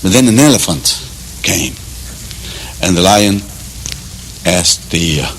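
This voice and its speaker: A man from Cuba telling jokes in an animated way, pausing on fillers. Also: deep voice, a little hiss or hum, poor audio. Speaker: joke teller.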